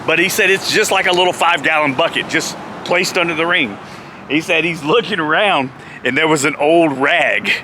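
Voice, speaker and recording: A man's voice: a little high, moderate pace, bright, forceful tone, slight background noise. A man in a casual vlog telling a funny road story, laughing often as he talks.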